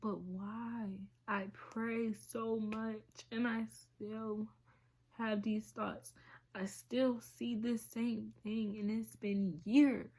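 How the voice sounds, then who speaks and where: Husky, slow-talking woman vlogger. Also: fairly high pitch, flat delivery, a little mellow. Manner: halting, emotional, drops to whispers. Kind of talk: personal confessional vlog.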